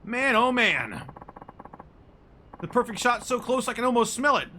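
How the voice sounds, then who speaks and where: A man voicing an excitable, flamboyant male street photographer in a game, loud and theatrical. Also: extremely high pitch, a little slow, voice pushed up, full character voice. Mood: gushing. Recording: noisy stream audio.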